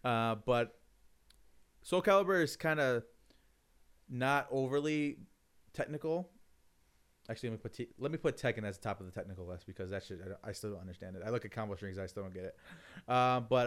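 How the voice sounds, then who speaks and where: A man co-hosting a casual podcast about fighting games, talking in a relaxed, hesitant way. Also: lowish voice, a little fast. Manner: relaxed, hesitant, many fillers and restarts. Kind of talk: casual gaming chat.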